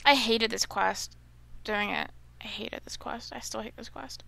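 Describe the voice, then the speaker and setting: A woman's voice: on the high side, unhurried, vocal fry, pushed and bright. A young woman chatting casually while playing a game at home, grumbling and easily exasperated. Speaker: gamer. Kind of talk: casual gameplay commentary.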